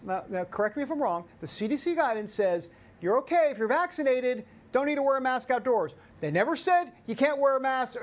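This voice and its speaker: Sarcastic man hosting a commentary show. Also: very high-pitched. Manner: sarcastic, joking, rambling. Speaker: host. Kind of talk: casual political commentary.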